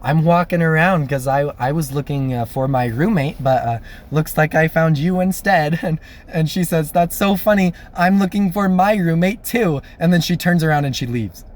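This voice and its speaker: A young man casually telling a personal story, animated and laughing, acting out the voices of people he quotes. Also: on the high side, normal speed, hardly any pauses. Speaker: storyteller vlogger.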